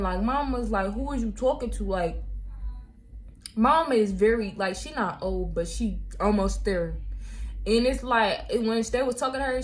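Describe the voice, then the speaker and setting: Animated young woman telling a story. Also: a little high. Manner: animated, slangy storytelling addressing viewers. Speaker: vlogger. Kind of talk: storytime vlog.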